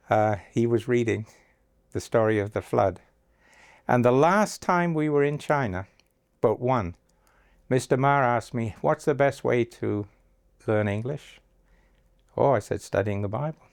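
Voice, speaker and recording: A man's voice: mid-range voice, animated, a little slow, gravelly, pauses often, a little mellow, clean tone. An older man telling stories in an interview, acting out the lines of the people in them. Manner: anecdotal, acts out quoted dialogue. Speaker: interviewee, agency founder. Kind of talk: storytelling interview.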